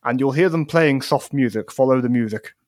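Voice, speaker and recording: A man's voice: mid-range voice, brisk, darkish tone, dry recording, clean studio sound. A man running a tabletop game as game master, polite and a bit rambling.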